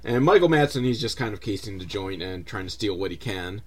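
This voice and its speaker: A man's voice: on the low side, expressive, brisk. A man hosting a comedic movie recap, sarcastic, profane and rambling. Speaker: host, film reviewer.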